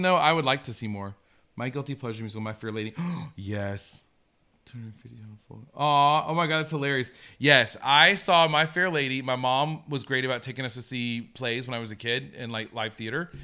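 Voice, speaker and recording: A man's voice: medium pitch, bright, forceful tone, clear, resonant tone. A man hosting a casual live stream, chatting eagerly and reacting to viewer comments. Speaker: host.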